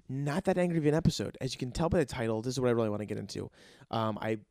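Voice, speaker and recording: On his comedy podcast, an aspiring comedian rambles through a story, excitable and profane, frequently starting over. His medium-pitched voice moves very fast, recorded with clean studio sound and no echo.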